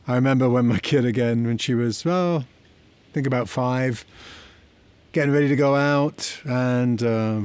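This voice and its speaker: Man calmly teaching parenting lessons. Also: mid-range voice. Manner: reflective, conversational, tells personal stories. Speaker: therapy teacher. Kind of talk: explanatory talk to camera.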